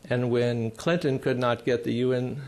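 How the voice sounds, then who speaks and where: A man speaking at a conference panel on constitutional law. He explains in a measured way, pausing often, with dry, emphatic asides. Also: medium pitch, steady tone, darkish tone. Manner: measured, explanatory, with frequent pauses.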